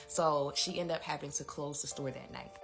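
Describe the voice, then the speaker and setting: Brief: woman storyteller, chatty, a bit low-pitched, talks to viewers, music under her voice. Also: moderate pace, gravelly. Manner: chatty, addresses viewers directly. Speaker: storytime host. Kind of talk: casual storytime narration. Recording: music playing behind the voice.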